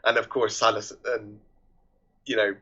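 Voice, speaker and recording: A man's voice: on the low side, flat delivery, moderate pace, bright, forceful tone, slightly rough. A man co-hosting a podcast, casually retelling film scenes and quoting the characters, with lots of restarts. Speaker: podcast co-host. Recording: dull lo-fi podcast audio.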